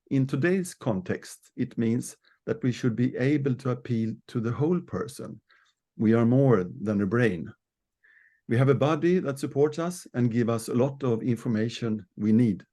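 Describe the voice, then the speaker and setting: A man from Sweden, a board member, hosting and introducing an online training in a formal, measured, announcement-like way over a video call. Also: mid-range voice, dark tone.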